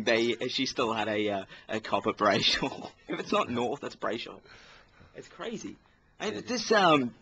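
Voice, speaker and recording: A man's voice: mid-range voice, a bit bright. An Australian man co-hosting a casual sports podcast, ranting in an exasperated, rambling way. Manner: ranting, exasperated, talks over others. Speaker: podcast co-host. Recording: faint background noise.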